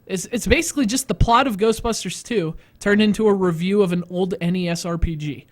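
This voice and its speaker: High-voiced rambling male streamer. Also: fairly quick. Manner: rambling, self-mocking, laughs often. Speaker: host. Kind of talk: casual live stream chat. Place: studio.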